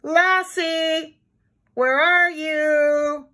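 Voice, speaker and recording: A woman voicing an eager young boy in a storybook read aloud, with a high, excited voice. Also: takes it slowly. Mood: worried. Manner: high, excited, urgent calling.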